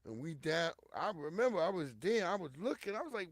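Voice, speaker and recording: Middle-aged guy telling a story on his show, cussing, talking right at the audience, kinda high voice, dry sound. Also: fairly quick, no echo. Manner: animated and profane, swinging from loud outbursts to hushed low tones; addresses listeners directly and repeatedly. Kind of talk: casual storytelling monologue to an audience.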